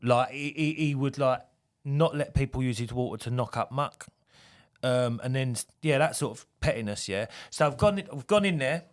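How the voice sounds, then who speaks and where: A man's voice: mid-range voice, moderate pace. A man, a tradesman swapping job stories in a casual podcast chat, swearing and laughing as he goes. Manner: swears freely, laughs through his stories.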